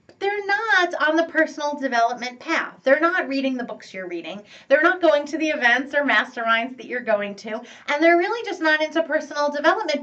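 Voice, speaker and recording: A woman giving a relationship coaching talk, upbeat and animated, laughing and acting out what friends and family say. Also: high voice, far from the mic, muffled recording. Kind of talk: teaching talk to camera.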